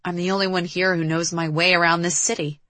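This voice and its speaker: A woman voicing a defiant, quick-tempered young woman who answers sharply. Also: on the low side, flat delivery, dry recording, lightly acted. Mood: assertive. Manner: sharp, retorting.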